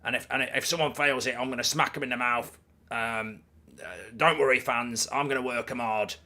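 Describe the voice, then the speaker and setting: A man putting on a blunt, tough-talking football manager, loud and emphatic. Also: mid-range voice, fairly even intonation, moderate pace, close to an everyday voice. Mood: blustering. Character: gruff, blunt no-nonsense male football manager.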